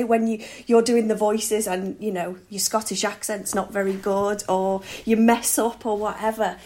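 A woman guest speaks in an interview at a middle pitch. She hesitates often, filling her talk with ums and uhs and ending points with tag questions. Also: a little mellow. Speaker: podcast guest, reading charity founder. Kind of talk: conversational interview.

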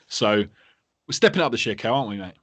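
A man's voice: on the low side, lively intonation, fast talker, fairly bright tone, slightly rough, no echo. Host, male, 30s. Laddish, sweary, laughing, dry close sound. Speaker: podcast host. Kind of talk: casual podcast banter.

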